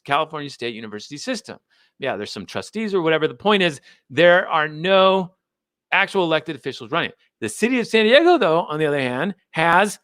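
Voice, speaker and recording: A man's voice: on the high side, a bit bright, dry recording, studio quality. An American man hosting a livestream on local politics, emphatic and fired up. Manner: fired up, emphatic, laughs at himself. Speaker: host. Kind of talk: animated livestream commentary.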